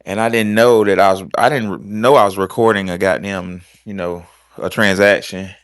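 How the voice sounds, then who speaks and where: A man's voice: fairly low pitch, fairly even intonation, normal speed, dry recording, clean studio sound. A man hosting a podcast, telling loose, profane stories in casual chat. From American South. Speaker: podcast host.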